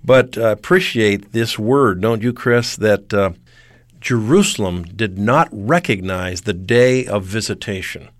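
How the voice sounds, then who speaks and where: A man co-hosting a radio Bible discussion, speaking in an agreeable, measured way. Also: on the low side, no echo. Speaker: radio program co-host.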